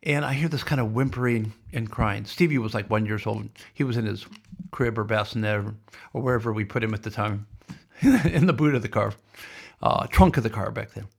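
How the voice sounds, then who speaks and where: A man's voice: on the low side, a little fast, creaky, breathy edge. A man hosting a podcast, telling a rambling, darkly humorous story in a casual monologue. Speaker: podcast host.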